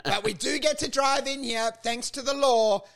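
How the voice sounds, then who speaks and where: A man's voice: extremely high pitch, moderate pace, fairly bright tone. A man co-hosting a comedy podcast, riffing in casual banter and acting out mock dialogues in silly voices. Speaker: podcast co-host.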